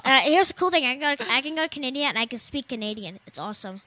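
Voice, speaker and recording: High bright giggly young woman host. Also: animated, racing, no room sound. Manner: giggly, rambling, jokey, reads then riffs. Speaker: show co-host. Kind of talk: casual tech show chat.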